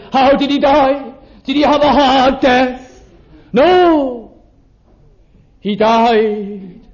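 A man preaches with a very high voice, drawing out his words slowly and with weight. He turns dramatic and emphatic as he acts out the voices in his story. The recording is dull and lo-fi. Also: darkish tone. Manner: dramatic, slow and emphatic, acting out quoted voices. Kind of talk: sermon.

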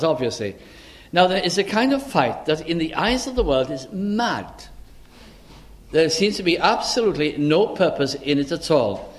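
Working through a scripture passage, this man delivers an expository sermon in an earnest, measured manner, frequently pausing on "uh." His voice sits a little high.

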